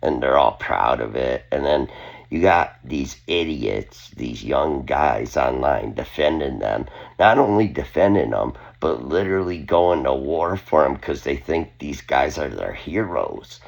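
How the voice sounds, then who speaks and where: Very deep-voiced male host with a gravelly edge; brief: indignant opinion commentator. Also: lively intonation, a little slow.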